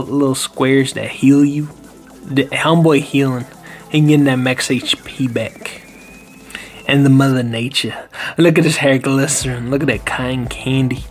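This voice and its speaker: Hyped, jokey male card reviewer. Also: medium pitch. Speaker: collectibles channel host. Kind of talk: comedic card review vlog.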